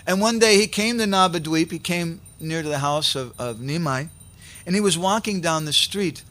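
A man preaching, telling a sacred story in an animated way and acting out its characters. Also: on the high side, normal speed. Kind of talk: sermon storytelling.

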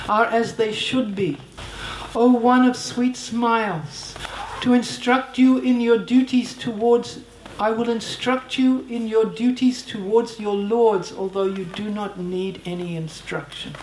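Woman reading sad old queen mum, formal old-timey words, slow, echoey room. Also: on the high side, darkish tone, a little hiss or hum, close to an everyday voice. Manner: formal, archaic blessing. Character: grieving elderly queen mother, tender. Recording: roomy echo.

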